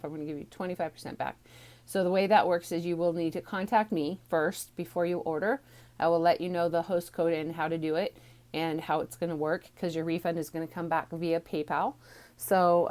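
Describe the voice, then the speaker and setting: A woman teaching a stamping card class from home, chatty and rambling with many ums, a little out of breath, recorded on a phone on a small tripod. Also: medium pitch. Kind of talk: casual craft tutorial.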